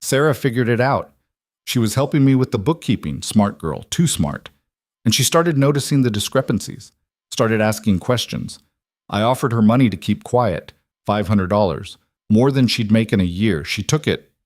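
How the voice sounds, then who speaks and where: A man voicing a desperate older male ranch bookkeeper who pleads, his voice rising higher than the narration. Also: expressive, moderate pace, a little mellow, no room sound, studio quality, lightly acted.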